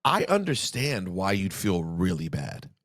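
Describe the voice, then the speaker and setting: A man talks loosely on a podcast, his voice sitting on the low side. The sound is dry and close, with no room around it. He rambles and slips in teasing jabs. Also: sing-song, unhurried, fairly bright tone, no echo. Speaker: podcast co-host. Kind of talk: casual chat. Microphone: studio podcast mic.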